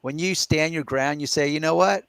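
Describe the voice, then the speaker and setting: A man's voice: on the high side, normal speed, vocal fry, fairly bright tone, smooth, no room sound. A middle-aged man hosting a casual live question-and-answer chat, explaining his points step by step and reasoning aloud. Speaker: podcast host.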